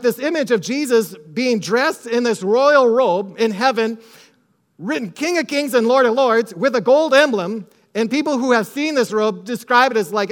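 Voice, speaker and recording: A male pastor delivers a sermon full of emphatic repetition, quoting scripture and recounting a family story, at times falling nearly to a hush. His voice is very high-pitched.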